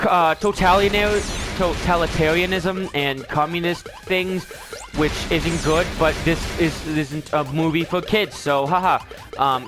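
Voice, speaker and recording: A young man hosting a game video, recapping a story in a casual, rambling and animated way with lots of filler words. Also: on the high side. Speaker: let's play host.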